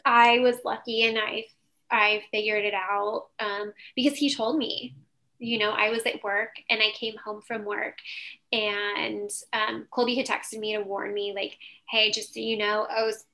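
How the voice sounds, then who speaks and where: A woman's voice: medium pitch, fairly even intonation, unhurried, sharp tone. A woman co-hosting a podcast, telling a personal story in casual chat, rambling and full of "like" and "um".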